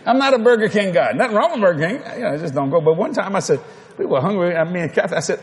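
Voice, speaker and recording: A man with a Cajun accent preaching a folksy storytelling sermon, swinging from loud to soft. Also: high voice, lively intonation, fast talker. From Louisiana.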